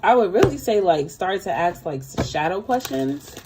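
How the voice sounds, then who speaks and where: Heavy background noise surrounds this woman's mid-range, sing-song voice as she reads tarot at a moderate pace on a casual livestream. Chatty and direct with her audience, she keeps calling them "girl."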